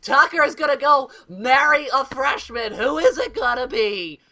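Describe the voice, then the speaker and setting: Teen guy doing a squeaky gossipy freshman, way higher, all worked up. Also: moderate pace, heavily acted. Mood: gushing. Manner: excited, gushing.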